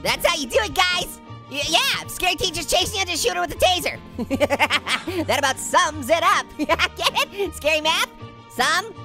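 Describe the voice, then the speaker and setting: A hyper male cartoon orange, with an extremely high, squeaky voice that bounces all over the place. His tone is bright and sharp, and he cracks puns and giggles at his own jokes. He chatters through a video game as comedic commentary. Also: animated, measured pace, soft background music, heavily acted. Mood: giggly hyper. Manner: giggly, punning, jokey. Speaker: let's play host.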